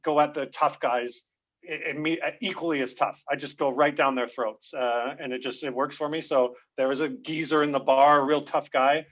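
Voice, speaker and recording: A man, a guest comedian, telling stories in a lively podcast interview and laughing often. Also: fairly high pitch, moderate pace. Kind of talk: animated storytelling in a podcast interview. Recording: dull lo-fi sound.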